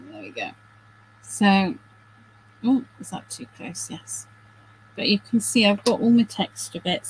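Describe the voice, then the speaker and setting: A woman's voice: medium pitch, slight background noise, low-quality recording. A middle-aged woman hosting a craft video, chatting casually and self-deprecatingly while she works, with giggly asides.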